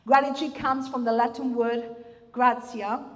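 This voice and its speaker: A woman's voice: fairly high pitch, moderate pace. A woman pastor giving a conversational sermon with restarts and fillers, recorded in a church hall. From Australia. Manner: warm, conversational preaching with frequent restarts and fillers.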